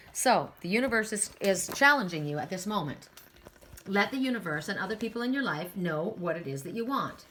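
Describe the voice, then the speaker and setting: A woman's voice: medium pitch, a bit bright, a little hiss or hum. A middle-aged woman doing a casual spiritual card reading. She talks in a chatty way, often repeats words and keeps adding "right?". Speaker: oracle card reader.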